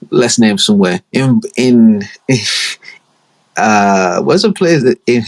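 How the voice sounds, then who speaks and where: A man's voice: fairly low pitch, lively intonation, takes it slowly. A young man hosts a podcast alone and tells a rambling, profane story full of street slang. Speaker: podcast host. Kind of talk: casual solo podcast storytelling.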